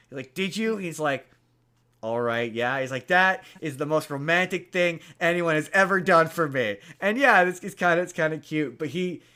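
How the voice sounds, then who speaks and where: A podcast host, a man, talks casually as he retells a film's story. He rambles, restarts his sentences and leans on fillers, and his voice sits a little high for a man. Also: fairly bright tone. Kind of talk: casual chat, retelling a movie plot.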